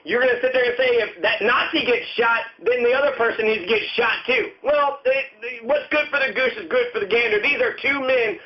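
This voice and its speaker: A man with a very high-pitched voice delivers a furious rant full of cursing and repeated lines. The sound is dull and lo-fi, with the top end muffled. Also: fairly quick, few pauses. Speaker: commentator. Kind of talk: angry profane rant.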